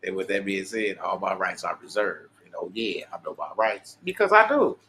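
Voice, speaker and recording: A man's voice: low voice, expressive, moderate pace, bright, forceful tone, slight background noise. A man, hosting a livestream and ranting in a profane, preachy, boastful way. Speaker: livestream host. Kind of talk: unscripted livestream monologue.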